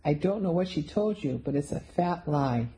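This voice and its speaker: A woman's voice: expressive, normal speed, warm tone, a little hiss or hum, poor audio. A woman doing a hearty, jolly mall Santa. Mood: defensive. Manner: booming ho-ho-hos, jolly. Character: hearty older male mall Santa, jolly then shifty.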